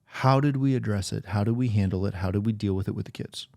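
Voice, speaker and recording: A man co-hosting a casual talk show, explaining ideas in a relaxed conversational way and acting out his own inner voice. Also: fairly low pitch, quick pace, vocal fry, dry recording, studio quality. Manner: conversational, talks through ideas with quoted self-talk. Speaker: podcast co-host. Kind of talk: casual faith-based chat.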